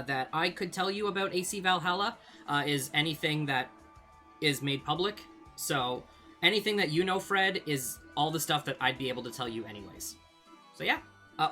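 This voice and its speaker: A young Canadian man answers viewer questions in a casual vlog, his fairly high voice bright and forceful. He rambles and hesitates, using lots of fillers and laughing easily.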